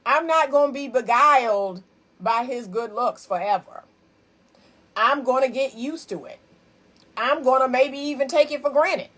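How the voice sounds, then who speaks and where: A woman hosting a casual live-stream about dating, speaking frankly and chattily, calling her viewers y'all and breaking into laughing asides. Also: on the high side. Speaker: relationship advice host.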